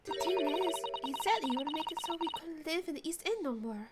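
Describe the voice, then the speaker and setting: A woman's voice: sits high, animated, very noisy. A woman voicing a poor, defiant young street girl with an Irish accent and slangy speech. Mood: bitter. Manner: defiant, slangy, quick to get upset.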